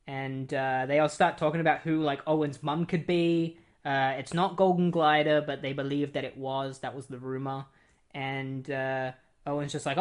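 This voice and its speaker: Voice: medium pitch, level tone, normal speed. A comic book reviewer giving a casual plot recap, chatty and full of fillers, with offhand asides.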